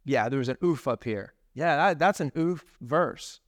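A man's voice: mid-range voice, animated, measured pace, no echo, studio quality. A man preaching a sermon as a pastor in a conversational way, tossing in tag questions and casual asides.

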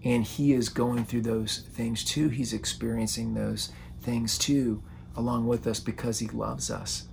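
A man's voice: medium pitch, steady tone, measured pace, gravelly, a little mellow, a little hiss or hum. A man preaching a sermon, earnest and often repeating words as he starts a phrase. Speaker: pastor.

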